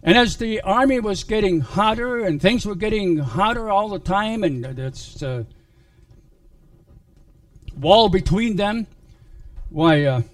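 A man preaching a sermon, retelling a Bible story in a halting way with many restarts. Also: sits high, animated, no echo, recorded from a distance.

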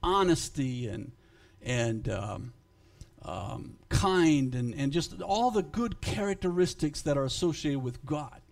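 A man preaching to his congregation in a fairly high voice. He speaks slowly and emphatically, and his loudness rises and falls. When he leaves his notes he halts and repeats words. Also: expressive, gravelly. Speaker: pastor. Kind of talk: sermon.

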